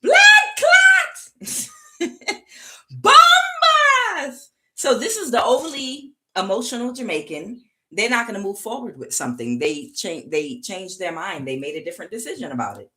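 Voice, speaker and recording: A woman's voice: mid-range voice, big pitch swings, fairly quick, few pauses. A woman doing a casual tarot reading to camera, chatty and punctuating her points with "okay". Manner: chatty, frequent "okay" checks, laughs at herself. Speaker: tarot reader.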